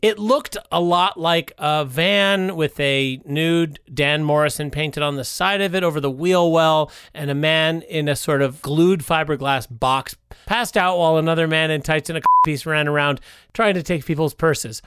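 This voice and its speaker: A man's voice: on the high side, moderate pace, a bit bright, clean tone, dry recording, clean studio sound. A man improvising a comedy bit as an indignant mayoral candidate.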